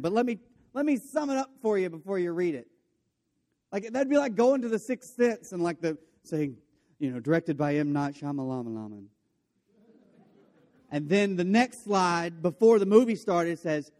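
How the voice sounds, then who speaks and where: Animated male preacher retelling a story. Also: high voice. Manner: storytelling, voicing characters with jokey asides. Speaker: pastor. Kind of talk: sermon.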